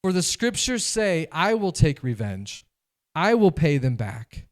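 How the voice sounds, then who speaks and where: A man delivers a sermon from the pulpit in an animated, conversational way. His voice sits a touch higher than most men's, and he acts out quoted voices as he goes. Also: unhurried. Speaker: pastor.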